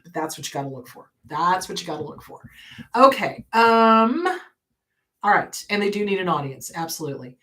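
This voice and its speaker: A woman's voice: fairly low pitch, animated, moderate pace, pushed and bright, distant mic. A woman therapist hosting an advice show, answering viewer questions in a blunt, emphatic way and repeating her key advice.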